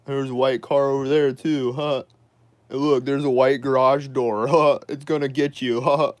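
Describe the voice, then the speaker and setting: A man voicing his older grandmother as a teasing, mock-innocent woman in a higher, louder, singsong tone. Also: little pitch movement, moderate pace, no echo, close to an everyday voice.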